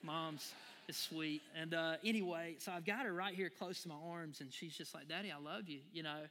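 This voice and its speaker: A man preaches to his congregation in a lively, folksy way. His voice sits high and bright, and it carries with a long reverb through a large church hall. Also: normal speed. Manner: animated, folksy, addresses the crowd as y'all. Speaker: pastor. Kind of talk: sermon with personal story.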